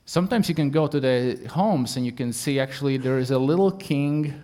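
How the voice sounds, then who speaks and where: Man speaking in halting, careful phrases. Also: medium pitch, dark tone. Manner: halting, searching for words, non-native grammar. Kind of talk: informal spoken talk.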